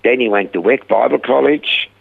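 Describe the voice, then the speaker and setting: An older man with a gravelly, husky voice tells his stories with animation, his pitch jumping up whenever he acts out his own words. He comes through a thin, tinny phone line. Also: normal speed. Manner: animated retelling, voice rising when quoting himself. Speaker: guest, rehab centre founder. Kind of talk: storytelling in a conversation.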